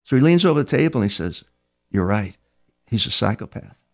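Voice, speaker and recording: Older male guest, gravelly and low-pitched, halting storyteller who repeats words and acts out the dialogue. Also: sing-song. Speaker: criminal profiler interviewee. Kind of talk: storytelling interview answers.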